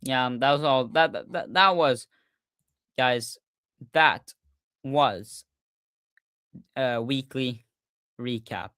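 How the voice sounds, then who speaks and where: A young man hosts a casual livestream recap in a smooth, clear voice. He sounds excited and stumbles over his words, restarting and repeating himself. The sound is dry and close, recorded on a desk mic. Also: medium pitch, slow, pauses often, no room sound. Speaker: podcast host.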